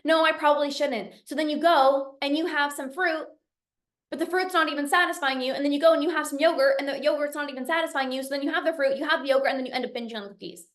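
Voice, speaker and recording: High-voiced woman coaching in an echoey room. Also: fairly even intonation, fast, fairly bright tone. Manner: emphatic, repetitive, quotes her own inner voice. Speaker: binge eating coach. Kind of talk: masterclass storytelling.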